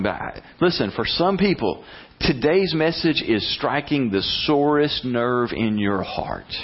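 A man preaching a sermon as pastor, animated and blunt, acting out prayers in a rising voice. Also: mid-range voice, husky, muffled recording.

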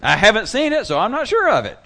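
A man voicing an exasperated doubter in a high, strained, complaining voice as he preaches. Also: very animated, quick pace, gravelly, pushed and bright, heavily acted.

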